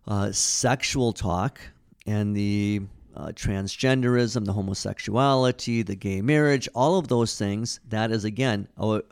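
A man's voice: fairly low pitch, measured pace, clean tone. A man co-hosting a casual Bible study discussion, talking in an earnest, conversational way with frequent restarts.

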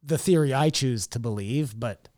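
A man's voice: mid-range voice, normal speed, a little mellow, dry recording, studio quality. A man co-hosting a podcast, chatting casually and rambling, often trailing off mid-thought. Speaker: podcast co-host. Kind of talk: casual chat.

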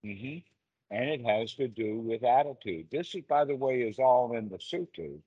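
A man with a husky voice teaches meditation over a video call. He talks slowly and deliberately and explains through simple everyday examples. The sound is dry and muffled, like lo-fi call audio. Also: medium pitch, lively intonation, mellow, dry recording. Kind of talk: casual dharma talk on a video call. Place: seated on the floor indoors, with rain outside. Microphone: video call mic. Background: heavy rain.

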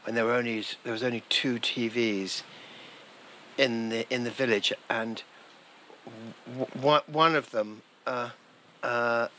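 A man's voice: medium pitch, fairly even intonation, a little slow, bright, forceful tone, slight background noise. A man chatting casually as co-host, restarting his sentences and laughing easily. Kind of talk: casual chat. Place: indoors, clip mic.

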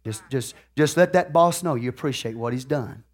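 A male pastor, preaching live to a congregation in a folksy, conversational way that often checks in with the room. He tells stories animatedly, swinging between loud outbursts and quieter asides. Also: medium pitch, normal speed. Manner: animated storytelling with big swings in loudness and sudden outbursts.

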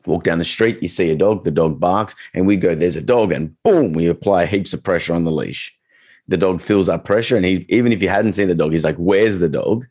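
A man with a deep, low voice chats easily about training dogs. He keeps a loose, conversational flow and slips into short acted-out reactions to make his points. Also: fairly quick, breathy edge. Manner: relaxed, chatty, acts out quoted reactions. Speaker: dog trainer. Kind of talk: casual podcast chat.

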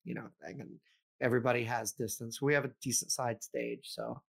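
A middle-aged man chatting casually as a podcast co-host. His talk rambles, full of fillers, restarts and asides. His voice sits at an ordinary middle pitch. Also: steady tone, brisk, creaky, husky. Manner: rambling, many ums and restarts, laughs often. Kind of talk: casual chat.

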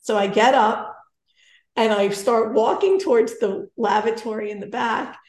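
A woman in her forties telling a personal story in casual conversation, animated and self-deprecating. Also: on the high side, unhurried, echoey room.

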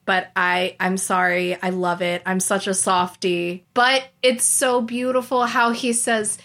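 A woman co-hosting a relaxed podcast conversation. Her voice sits at an ordinary middle pitch. She gushes, laughs easily and breaks into little acted-out quotes. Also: a little slow, creaky. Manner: gushing, laughs often, acts out quotes. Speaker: podcast co-host. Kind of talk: casual podcast chat.

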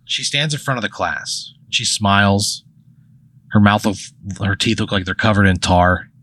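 A man co-hosting a comedy podcast, telling an improvised story deadpan and filling his talk with "like". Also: on the low side, moderate pace, no echo, rough recording. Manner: deadpan, heavy use of "like". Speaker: podcast co-host.

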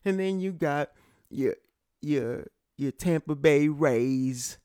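A man's voice: on the high side, takes it slowly, dark tone, smooth, dry recording, studio quality. A man from Connecticut hosting a casual solo sports talk show, rambling and stammering as he goes, gloating between laughs. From Connecticut, USA. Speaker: podcast host.

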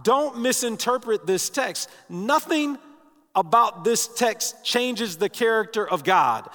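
Male pastor, high voice, earnest emphatic preaching, long church-hall reverb. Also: animated, takes it slowly, sharp tone. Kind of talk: sermon. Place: large church sanctuary.

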